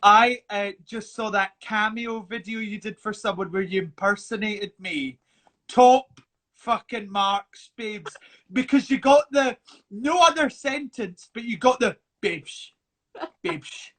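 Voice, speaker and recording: A man's voice: high voice, measured pace, fairly bright tone. A man in casual live chat, playful and teasing, who swears freely and calls his friend babes.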